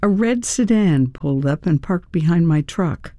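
An audiobook narrator reading a first-person story in an unhurried storytelling manner, acting out the dialogue lines. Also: mid-range voice, expressive, mellow, no room sound.

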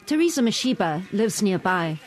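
Woman reading a measured news narration. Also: mid-range voice. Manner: measured, even delivery. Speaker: news reporter.

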